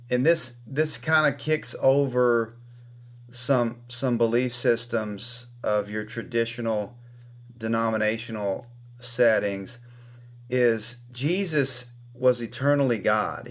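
A host of a faith talk show, teaching in a slow, measured way and affirming the guest with soft murmurs. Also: mid-range voice.

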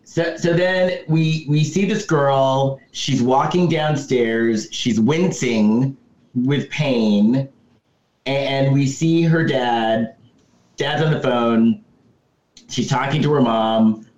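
A man's voice: medium pitch, slow pace, a little mellow. A man co-hosting a podcast, recapping a movie plot in a casual chat and answering with emphatic repeated yeses. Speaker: podcast co-host. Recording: roomy, dull lo-fi sound.

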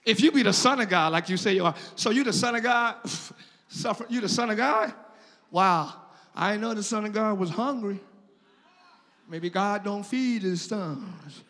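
A male pastor voicing a mocking male devil who taunts in a low, sarcastic tone. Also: moderate pace, pushed and bright, long reverb tail. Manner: sarcastic, sneering.

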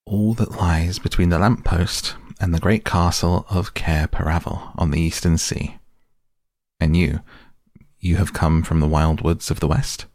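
A man's voice: deep voice, fairly even intonation, a little slow, darkish tone, no echo, clean studio sound. A man voicing a fussy, polite male faun who flusters and repeats himself eagerly. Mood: wistful.

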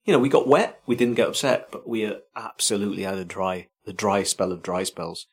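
A man's voice: fairly low pitch, steady tone, brisk. A man co-hosting a podcast in casual chat, telling stories with self-mocking humour. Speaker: podcast co-host.

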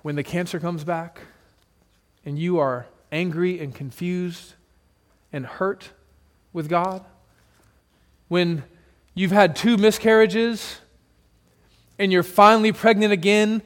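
A male pastor preaching a sermon to his church, shifting dramatically between loud emphasis and hushed, soft passages. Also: high voice, in a large hall. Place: church sanctuary with congregation.

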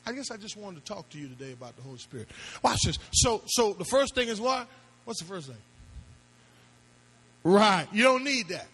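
A husky-voiced man with a high-set voice preaches to his congregation. He works through points with repeated questions and climbs into shouted appeals. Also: sing-song, moderate pace, poor audio. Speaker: pastor. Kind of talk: sermon.

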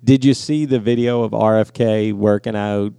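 A man's voice: on the low side, fairly even intonation, moderate pace, gravelly, dark tone, clean tone, no echo. Podcast host guy, rambly and sweary, laughs a lot, dry close sound. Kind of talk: casual chat.

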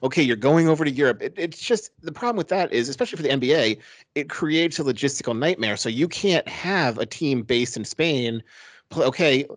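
Emphatic podcast co-host, a man with a lively, animated delivery. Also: mid-range voice, no room sound. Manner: quick, emphatic arguing with restarts. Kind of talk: casual sports podcast chat.

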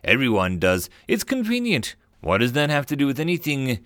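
A man's voice: medium pitch, wildly swooping pitch, moderate pace, fairly bright tone, no echo, clean studio sound. A man doing a matter-of-fact alien engineer. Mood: puzzled. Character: level-headed alien male engineer.

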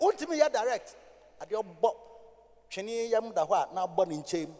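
Ghanaian male pastor, high voice, preaching in an echoing hall, swings from quiet to shouted sing-song. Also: expressive, brisk, pauses often. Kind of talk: sermon. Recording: hall reverb.

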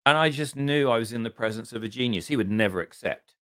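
Smooth-voiced English man telling stories. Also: medium pitch, fast, fairly bright tone, no echo, clean studio sound. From southern England. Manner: self-deprecating, rambling anecdotes with frequent throat clearing. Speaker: podcast guest. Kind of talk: casual interview storytelling.

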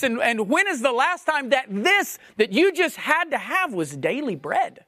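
A man's voice: very high voice, big pitch swings, moderate pace, hardly any pauses, sharp tone, no echo. Man, pastor, sermon, emphatic and questioning, repeats phrases, dry sound.

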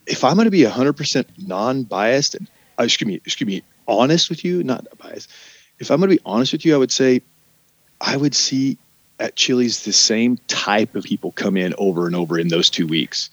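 A man's voice: mid-range voice, dry recording, highs cut off. A man talking casually and candidly about managing restaurant staff, rambling and swearing now and then. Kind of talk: casual conversation.

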